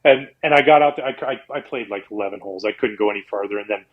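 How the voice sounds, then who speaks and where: A middle-aged man from Canada, a guest telling lively stories in a casual interview, acting out quotes in a high voice. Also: very fast, narrow, tinny audio. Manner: animated storyteller, acts out quotes in a high voice. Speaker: guest, former pitcher.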